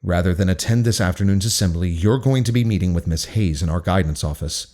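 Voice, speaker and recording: A man voicing a stern male school principal who talks in a measured, formal way. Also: deep voice, mellow, lightly acted.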